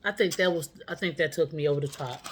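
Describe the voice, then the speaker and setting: A woman's voice: low-pitched, quick pace, slightly rough. A woman vlogger telling a story at home, candid and profane in a casual, chatty way.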